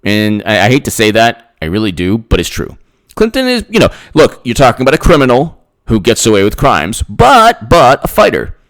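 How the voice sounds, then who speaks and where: A man's voice: medium pitch, big pitch swings, normal speed, few pauses, a bit bright. A man hosting his own political commentary channel, ranting sarcastically, repeating himself and mocking others in put-on voices. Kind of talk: rambling solo political rant.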